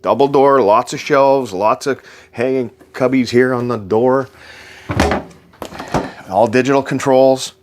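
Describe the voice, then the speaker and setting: A man's voice: medium pitch, fairly even intonation, measured pace, pauses often, background noise. A man giving an enthusiastic, joking sales walkthrough inside a travel trailer, repeating his selling points.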